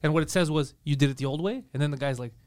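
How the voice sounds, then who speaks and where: A man co-hosting a podcast, telling animated, profane stories full of quoted voices in casual banter. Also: a little high, rapid-fire. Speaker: podcast co-host.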